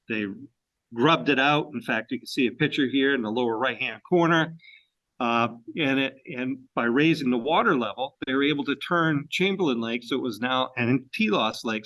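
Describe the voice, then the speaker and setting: A man's voice: mid-range voice, fairly bright tone, rough recording. Folksy man giving a history talk. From Maine. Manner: folksy, with frequent uh fillers and restarts. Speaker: presenter at a railroad club.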